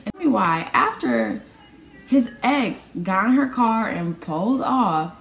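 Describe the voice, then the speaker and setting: Young woman, casual storytime vlogger, animated and slangy, acts out quotes; roomy echo. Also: a little high, slow pace, gravelly. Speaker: vlogger telling a personal story.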